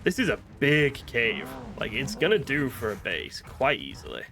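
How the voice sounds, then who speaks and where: A man's voice: mid-range voice, big pitch swings, moderate pace. Chatty northern British man playing a game. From northern Britain. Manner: chatty, thinks aloud, self-mocking. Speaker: gaming streamer. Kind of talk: casual gameplay commentary.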